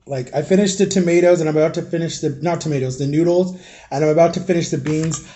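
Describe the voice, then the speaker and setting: A young man talking straight to his viewers in a loose, rambling vlog, confiding and full of fillers. His voice is a touch higher than most men's, but soft and dark in tone. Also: fast. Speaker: vlogger. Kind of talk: casual storytelling vlog.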